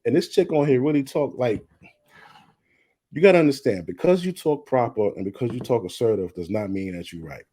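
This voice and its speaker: Blunt, husky-voiced man ranting casually. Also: mid-range voice, expressive, fairly quick, dark tone. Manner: blunt, profane, worked up, repeats himself. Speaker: commentary vlogger. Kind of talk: casual commentary.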